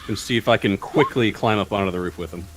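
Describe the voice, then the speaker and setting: A man's voice: on the low side, fast talker, fairly bright tone, slight background noise. A man playing a tabletop game, speaking in a matter-of-fact, practical way. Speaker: player. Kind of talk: casual tabletop game chat.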